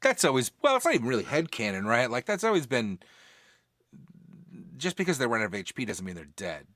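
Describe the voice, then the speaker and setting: A man with a bright, forceful voice that swings widely in pitch, chatting about a game in a casual, rambling way. He restarts his sentences often and keeps a wry tone. The sound is dry and close to the mic. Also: big pitch swings, fairly quick, dry recording. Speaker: podcast co-host.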